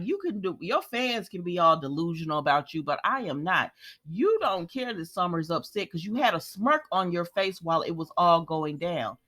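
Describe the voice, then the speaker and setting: A woman's voice: fairly low pitch, animated, moderate pace, fairly bright tone, dry recording, clean studio sound. A woman casually recapping a soap opera episode, chatty and opinionated. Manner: chatty and opinionated, quoting characters, sighs and laughs.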